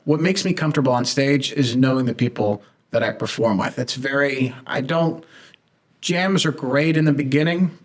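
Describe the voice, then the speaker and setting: A man's voice: medium pitch, normal speed. A man guest on a podcast, talking casually in an earnest, plain-spoken way. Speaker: guest improviser. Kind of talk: casual chat.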